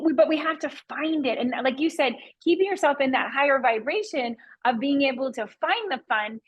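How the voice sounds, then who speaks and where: A woman with a high voice hosts a podcast interview. She is enthusiastic and encouraging, often praising her guest. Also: breathy edge, highs cut off. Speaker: podcast host and real estate agent. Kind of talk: interview conversation.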